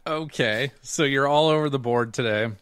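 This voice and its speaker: A man's voice: mid-range voice, normal speed, a bit bright, clean tone. A man hosting a casual gaming podcast, playful and teasing, laughing often as he runs the show. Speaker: podcast host.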